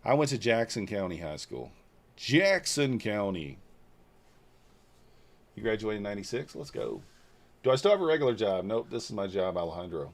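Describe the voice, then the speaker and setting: A man in his forties from Northeast Georgia, whose voice is on the low side, talks fast with big pitch swings. On his trading livestream he answers viewer comments aloud in casual chat, loose and blunt with some mild swearing.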